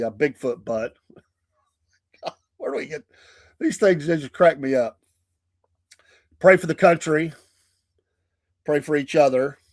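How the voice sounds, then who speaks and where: A man's voice: medium pitch, dry recording. Chatty Southern man with a dry close sound. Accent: Southern American. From American South. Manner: chatty, laughs often, folksy. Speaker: morning show host. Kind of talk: casual livestream chat. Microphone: streaming mic.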